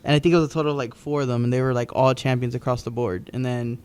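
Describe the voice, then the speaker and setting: A man's voice: medium pitch, fairly even intonation, rapid-fire, a little mellow, smooth. A man co-hosting a podcast, recapping wrestling matches in casual, rambling chat with frequent ums and restarts. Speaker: podcast co-host.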